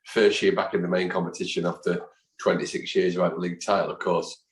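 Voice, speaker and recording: A middle-aged man, telling lively, animated anecdotes as a guest in a conversation. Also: deep voice, fast talker. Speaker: guest, football fan and chant songwriter. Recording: roomy echo.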